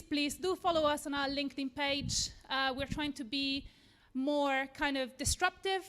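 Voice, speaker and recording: An earnest, somewhat nervous Italian woman with a self-deprecating manner addresses a live audience in an event room. Her fairly high voice is a little bright, and the clip resembles a lightning talk.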